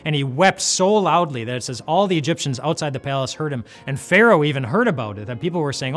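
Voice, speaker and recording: Earnest guy doing a devotional bible story, circles back on his words, quiet music in the background. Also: on the high side, animated, quick pace, few pauses.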